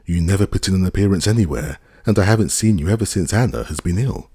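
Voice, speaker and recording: A man's voice: deep voice, animated, fast, mellow, breathy edge, no echo, clean studio sound, voice pushed up, exaggerated voice. Man voicing an ironic society princess.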